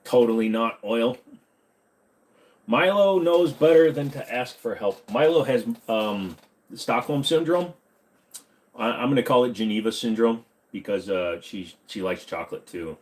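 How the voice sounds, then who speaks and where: Speaking at a measured pace in a mid-range voice, a man runs a laid-back live stream at his desk mic in his home computer room. He fields viewers' questions jokingly, now and then dropping into a poor Southern accent.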